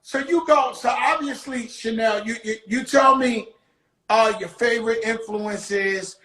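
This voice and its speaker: A rapper interviews a guest in loose, joking street slang, teasing and swearing freely. His very high voice sounds pushed and bright at an unhurried pace, and the poor-quality audio has a roomy sound.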